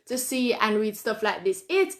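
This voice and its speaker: A woman's voice: on the high side, very animated, normal speed. A Jamaican woman hosting a live-stream talk show, reading viewer comments aloud and answering them in an earnest, conversational way, often repeating phrases for emphasis. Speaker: host. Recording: roomy echo.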